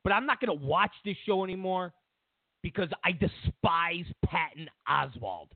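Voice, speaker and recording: A man hosting a talk show, giving opinionated political commentary in an animated, rambling way, with restarts and mocking quoted voices. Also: high-pitched, normal speed, dry recording. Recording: dry, phone-like narrow sound.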